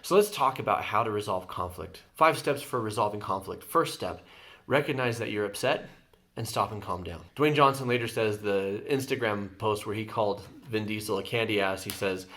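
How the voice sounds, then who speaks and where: A man's voice: fairly low pitch, moderate pace, pushed and bright. A man, a therapist hosting his channel, talking through conflict steps in an earnest, explanatory way. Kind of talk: reaction video commentary, advice.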